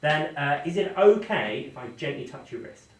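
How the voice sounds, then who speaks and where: A man with a fairly high voice gives playful, teasing magic patter. He talks a volunteer through the trick. The sound is echoey, with faint background hiss, and he stands off mic. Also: big pitch swings, normal speed. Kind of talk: live magic-show patter. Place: indoor venue. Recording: echoey room, mic at a distance.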